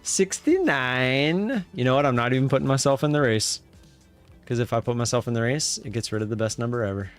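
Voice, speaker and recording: A man hosting a live stream in casual chatter, who breaks into loud cheering now and then. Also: mid-range voice, fairly even intonation, fast talker, faint music behind.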